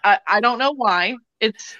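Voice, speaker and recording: Slow, giggly woman on a dull call line. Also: on the high side, pushed and bright, no room sound. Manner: giggly, hesitant, lots of ums. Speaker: guest joining the stream. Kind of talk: casual chat over a call.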